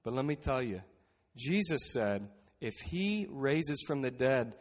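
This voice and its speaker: A pastor preaches in a mid-range male voice, earnest and unhurried. He sinks to a hushed tone to drive home his main lines. His voice rings with the long reverb of a large hall. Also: medium pitch, sing-song. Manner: earnest preaching, drops to quiet emphasis on key phrases. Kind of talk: sermon.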